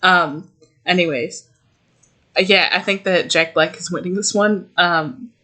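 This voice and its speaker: A woman's voice: lowish voice, a little slow, bright, forceful tone. A young woman co-hosting a podcast in casual chat, giggly and rambling, swearing freely. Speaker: podcast co-host.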